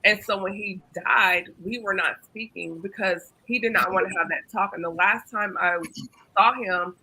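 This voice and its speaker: A woman's voice: mid-range voice, normal speed, bright, forceful tone, husky, low-quality recording. A woman hosting a panel discussion, earnestly telling a personal story with frequent ums and restarts. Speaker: host and facilitator.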